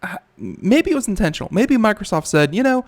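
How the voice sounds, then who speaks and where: A man's voice: sits high, very animated, a little fast, creaky. A man hosting a computer talk show, chatting casually and rambling with many fillers and restarts. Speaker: radio talk show host. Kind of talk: casual chat.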